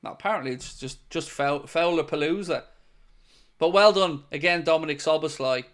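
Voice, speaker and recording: Chatty higher-voiced man calling football live. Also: moderate pace, fairly bright tone. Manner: chatty, joking play-by-play with asides to the chat. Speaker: host. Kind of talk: live football watchalong commentary.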